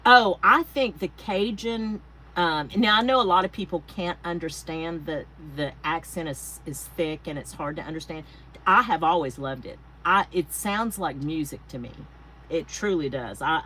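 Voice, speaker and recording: A woman's voice: deep voice, moderate pace, bright, forceful tone, slight background noise, poor audio. A woman hosting a casual craft livestream, chatting and thanking viewers by name with rambling asides. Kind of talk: casual live-stream chat. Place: home craft space.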